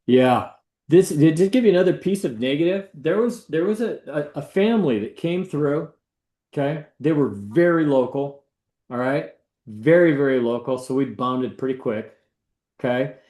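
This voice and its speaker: A man who works as a real estate agent, telling a story in a casual, animated way and acting out the people he quotes. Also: fairly high pitch, normal speed. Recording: echoey room.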